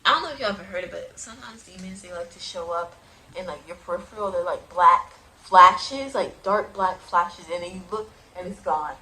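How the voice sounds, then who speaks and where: A young woman casually telling her personal testimony into a phone, animated and prone to sudden loud outbursts, with uneven volume. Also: lowish voice, moderate pace, rough recording. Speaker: person giving a religious testimony.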